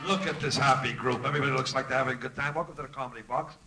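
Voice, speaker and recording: On a club stage, a man performs a stand-up comedy set, rattling off jokes briskly and acting out the voices in his stories. His voice is mid-range and steady, with background noise audible.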